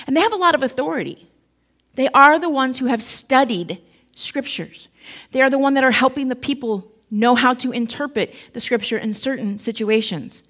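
A woman preaching a sermon with a slightly high voice. She retells the story in a relaxed, conversational way, often slipping into the voices of its characters. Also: brisk.

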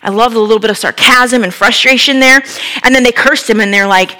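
Bright-voiced woman preaching a sermon. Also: a little high, a little fast. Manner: lively storytelling, conversational asides. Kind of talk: sermon retelling a Bible story.

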